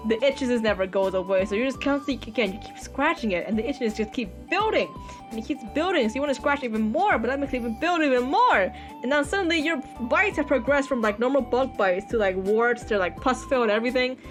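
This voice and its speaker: A woman's voice: a little high, animated, fast talker, music in the background. A woman livestreaming from her computer chair, ranting in a dramatic, whiny way with exaggerated wails. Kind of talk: live-stream rant. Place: home computer setup.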